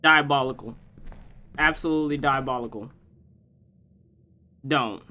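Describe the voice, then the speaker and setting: A young man hosting a gaming channel, joking and trash-talking his way through a horror game, swinging from low mutters to loud yelps. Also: measured pace, slight background noise. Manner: joking trash talk at the game's granny. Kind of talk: horror game let's play commentary.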